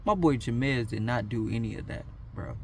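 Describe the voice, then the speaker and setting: A man's voice: medium pitch, normal speed, creaky, a little mellow, slight background noise. A young man telling a school story in a casual, slangy, self-mocking way. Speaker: vlogger.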